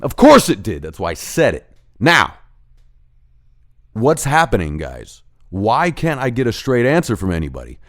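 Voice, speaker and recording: A man's voice: fairly low pitch, wildly swooping pitch, a little slow, long pauses, fairly bright tone. A man hosting a ranting monologue, profane and heated, acting out bits of dialogue as he goes. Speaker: host of a rant show.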